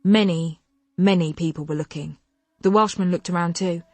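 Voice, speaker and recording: A woman narrating a contemporary novel in first person, telling it in an expressive, wry way on a close studio mic. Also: on the low side, moderate pace, no room sound. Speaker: audiobook narrator.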